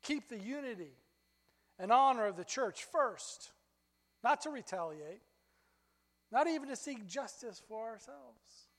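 Unhurried and full of long pauses, a man delivers a sermon as pastor, his storytelling lively and rising in pitch as his excitement builds. His voice rings out with a long reverb tail.

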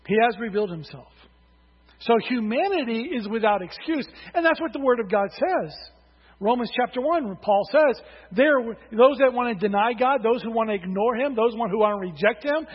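Emphatic preacher man, high husky voice. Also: lively intonation, normal speed. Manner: emphatic, calls for congregation responses. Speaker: pastor. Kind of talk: sermon. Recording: dull, hall reverb.

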